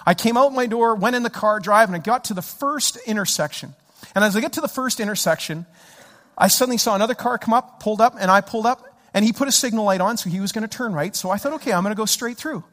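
High bright-voiced preacher in a reverberant hall. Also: male voice, quick pace. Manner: animated storytelling, acts out his own shouting. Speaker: pastor. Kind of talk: sermon.

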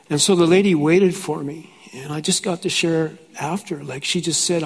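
A high-pitched male pastor preaching at a conference, telling stories in a chatty way and checking in with "right?" as he goes. He laughs often and grows fervent as he preaches. His voice rings out through a large hall with a long echo tail. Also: fairly even intonation, normal speed, gravelly, hardly any pauses, slightly rough. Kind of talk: conference sermon with personal storytelling.

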